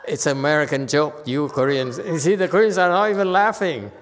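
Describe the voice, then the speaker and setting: A man's voice: fairly high pitch, fairly quick, big-room sound, a little hiss or hum. A man giving a casual Buddhist dharma lecture, joking and teasing his listeners between points. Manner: joking, teasing the audience, chuckling.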